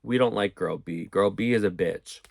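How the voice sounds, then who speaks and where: A young man telling a storytime in a casual, profane, animated way, acting out what people said. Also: lowish voice, normal speed, gravelly, no room sound. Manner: animated, profane, acts out quotes. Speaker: storyteller vlogger.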